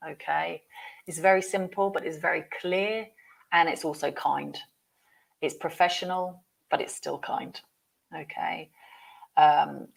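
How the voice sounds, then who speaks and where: A woman's voice: sits low, fairly even intonation, slow pace, creaky. A woman teaching business English, explaining phrases patiently.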